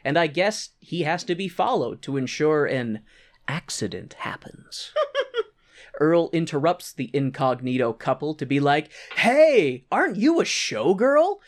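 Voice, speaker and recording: A man's voice: fairly high pitch, unhurried. A man co-hosting a podcast, casually recapping a stage show with jokes and frequent laughter. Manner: animated, laughing, jokey. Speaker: podcast co-host.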